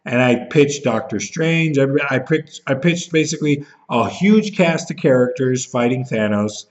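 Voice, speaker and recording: A man's voice: medium pitch, normal speed. Pissed off guy ranting at the camera, swearing a lot, bit of a muffled lo-fi sound. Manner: bitter, profane, jumps into mocking voices when he is upset. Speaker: vlogger. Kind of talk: angry rant to camera.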